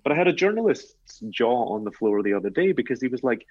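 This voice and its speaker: A man with a Glaswegian accent, an author guest speaking in a thoughtful, earnest, measured way. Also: medium pitch, sing-song, husky, dry recording, lo-fi sound. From Scotland. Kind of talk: reflective interview talk.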